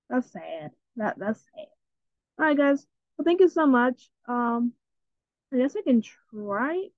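A woman's voice: high voice, a little slow, pauses often, no echo. Chatty, jittery woman gaming on a tinny line. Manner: chatty and jittery, repeats herself, gets easily scared. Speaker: gaming channel host. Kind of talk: casual gameplay commentary. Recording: tinny phone-like sound.

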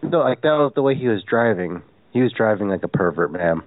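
A man making a prank phone call, rambling and halting, stuffing "like" into every sentence. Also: lowish voice, animated. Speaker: prank caller. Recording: phone line.

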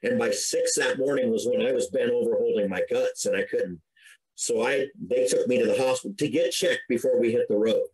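A man's voice: mid-range voice, a little fast, a little mellow, rough recording. A middle-aged man, a podcast guest, earnestly recounting a personal story in a conversational way, with frequent restarts and an emotional edge.

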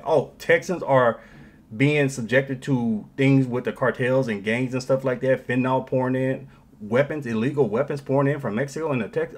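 A man's voice: mid-range voice, moderate pace. A man giving heated, opinionated political commentary, mocking the other side and swinging his delivery for emphasis.

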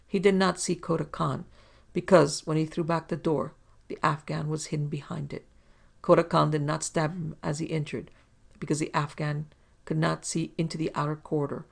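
A woman reads a pulp adventure tale aloud with measured, even pacing. Her voice is gravelly and husky, with a flat pitch that barely moves. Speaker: narrator and producer. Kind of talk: scripted narration of a pulp adventure story.

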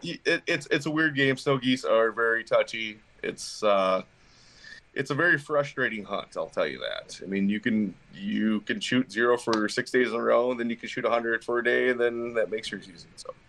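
Give me a low-voiced man chatting casually on a podcast, stumbling and restarting his sentences. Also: lively intonation, a bit bright, rough recording. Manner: halting, frequent restarts and fillers. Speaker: pro staff hunter guest.

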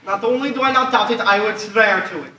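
A teenage actor playing a harried, pompous male bank official in a high school stage play, exasperated and getting frantic. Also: fast talker, pushed and bright, natural voice. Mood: weary. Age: teens. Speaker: student actor. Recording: echoey hall from far off, faint hiss.

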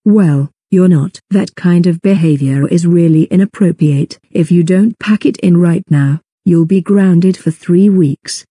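A woman's voice: lowish voice, measured pace, few pauses, mellow, breathy edge, dry recording, clean studio sound. A woman voicing a strict cartoon mother who scolds sternly.

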